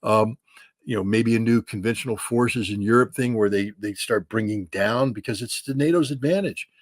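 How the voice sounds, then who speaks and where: A man's voice: lowish voice, moderate pace, no echo, clean studio sound. A middle-aged man giving blunt, emphatic political commentary in a casual way, with frequent restarts and "you know" fillers.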